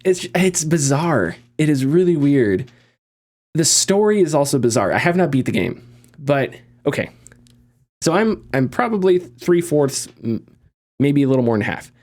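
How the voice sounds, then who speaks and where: A man talking casually on a gaming podcast, animated and rambling, often restarting his sentences. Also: a little high, normal speed. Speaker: podcast host.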